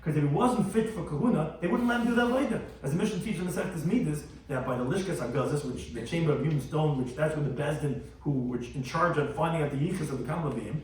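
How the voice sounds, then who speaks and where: Fast-talking rabbi in an echoey room. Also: male voice, fairly high pitch. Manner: translates each term, animated storytelling. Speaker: rabbi teaching Talmud. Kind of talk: daily Talmud lecture. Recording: very echoey room, mic far off.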